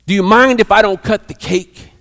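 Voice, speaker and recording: A man voicing a timid, lonely woman who speaks shyly and haltingly. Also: high voice, creaky, fairly bright tone, in a large hall. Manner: shy, halting.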